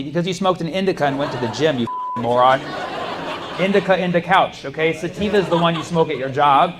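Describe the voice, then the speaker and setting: A man's voice: a little high, quick pace. A man doing a stand-up set, telling stories in a loose, rambling way with lots of fillers and restarts. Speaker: stand-up comedian. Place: comedy club stage. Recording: live club recording with steady background noise. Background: audience ambience.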